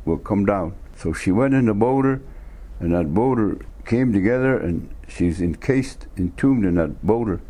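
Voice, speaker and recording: Low-voiced man telling a legend. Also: warm tone, breathy edge. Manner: unhurried, plain-spoken, with pauses and restarts. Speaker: storyteller.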